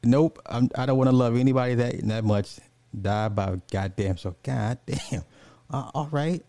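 A man's voice: mid-range voice, normal speed, warm tone, dry recording. A man chatting casually on a live stream, reading out viewer comments and ranting, laughing often and swearing freely.

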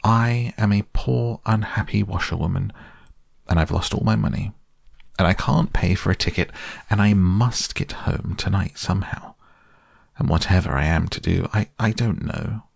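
A man's voice: lowish voice, moderate pace, creaky, no room sound, studio quality. A man voicing a boastful male toad disguised as a weeping washerwoman, in a self-pitying wail. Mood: tearful pleading.

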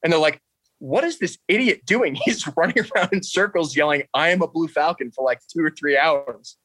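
Bright-voiced young man telling a story. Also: a little high, fairly quick, no room sound, poor audio. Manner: animated, laughing, quoting drill instructors with shouts. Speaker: interview guest. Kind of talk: casual storytelling.

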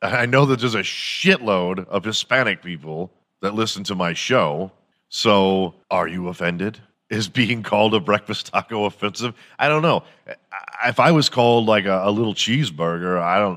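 A man's voice: deep voice, moderate pace, fairly bright tone. A man hosting a podcast in a crude, mocking comedic rant, swearing freely and slipping into silly impressions. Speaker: podcast host.

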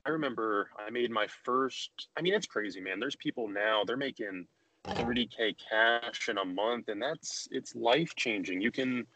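A man's voice: mid-range voice, normal speed, pushed and bright, rough recording. A young man hosting a podcast, talking loosely with lots of restarts and fillers. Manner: rambling, many restarts and fillers. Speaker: podcast host. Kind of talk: casual conversation.

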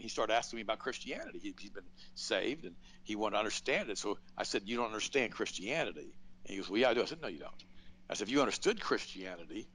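A middle-aged man hosting a talk show, speaking bluntly and emphatically, pitching up sharply for stress and acting out quotes in his stories. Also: creaky, poor audio. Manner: emphatic, animated, blunt storytelling with acted-out quotes. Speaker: radio show host. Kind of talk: political commentary, conversational monologue.

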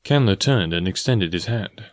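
A man reading a novel aloud as an audiobook narrator, in a steady, even manner. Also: low-pitched, normal speed, no room sound, clean studio sound. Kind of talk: scripted narration.

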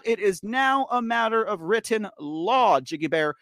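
Lively high-voiced male livestream host. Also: moderate pace, hardly any pauses, no room sound, studio quality. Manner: animated, laughing, teasing, talks straight to viewers. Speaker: host of a political news livestream. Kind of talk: casual livestream commentary talking to the chat.

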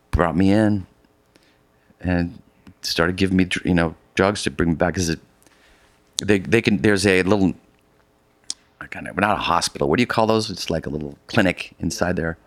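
Deep-voiced man telling a rambling story. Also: no room sound. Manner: animated, rambling with many restarts. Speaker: guest, polar expedition adventurer. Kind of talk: casual storytelling conversation.

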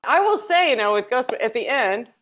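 A woman co-hosting a podcast, telling stories in casual chat with a lively, laughing manner. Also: fairly high pitch, normal speed. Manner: animated, laughing storyteller. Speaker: podcast co-host.

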